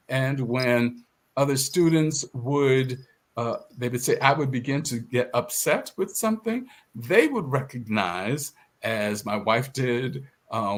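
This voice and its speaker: An older man from the South Carolina Sea Islands, speaking in a measured, thoughtful way in an interview. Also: medium pitch, slightly rough. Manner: measured, thoughtful, with hesitant restarts. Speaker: guest author. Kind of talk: reflective interview conversation.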